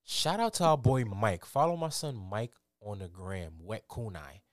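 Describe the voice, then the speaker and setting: Low-voiced young man, casual swearing chat. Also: measured pace, dry recording. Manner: animated, swears freely, many fillers.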